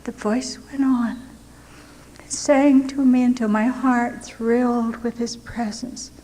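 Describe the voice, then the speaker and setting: An older woman recounts her own testimony with earnest, dramatic storytelling. Her voice sits a little high, and it rings out in a hall with a long echo. A faint hiss sits underneath. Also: level tone, slow pace, warm tone. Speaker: missionary telling her testimony. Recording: echoey hall with faint noise.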